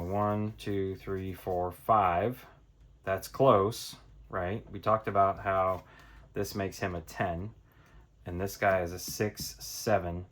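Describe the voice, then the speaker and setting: Male board game presenter, low voice, relaxed think-aloud playthrough delivery. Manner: thinking aloud, counting cards out loud. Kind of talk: casual tabletop playthrough tutorial.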